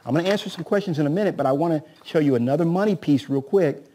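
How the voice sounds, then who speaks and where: A man teaching real estate agents at a live seminar, quizzing audience members and acting out talks with sellers in an energetic way. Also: a little high, rapid-fire, slight background noise. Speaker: real estate sales trainer. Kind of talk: seminar talk to a live room.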